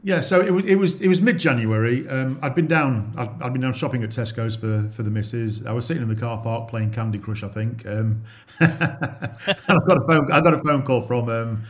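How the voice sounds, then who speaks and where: A man's voice: medium pitch, moderate pace. A middle-aged man from England, a guest in an interview, telling his story in a plain-spoken way with frequent repeats and restarts.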